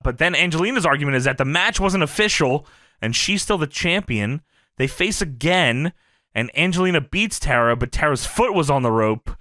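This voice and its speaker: A man's voice: fairly high pitch, moderate pace, no echo, clean studio sound. A man co-hosting a wrestling review podcast in casual chat, recapping scenes with lots of laughter. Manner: animated, recaps scenes and acts out quotes, laughs often. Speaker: podcast co-host. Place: podcast studio.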